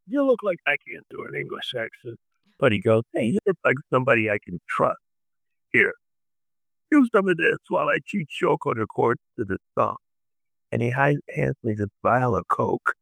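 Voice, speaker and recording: An older man rambling through memories in a casual interview, halting with fillers. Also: medium pitch, vocal fry, pushed and bright, dry recording, low-quality recording. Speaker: interviewee recalling the past. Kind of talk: casual storytelling.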